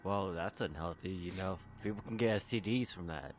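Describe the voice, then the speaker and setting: A man's voice: sits low, brisk, slight background noise. A man playing a tabletop game, crude and sarcastic. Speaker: player. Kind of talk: casual game chat. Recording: dull lo-fi recording.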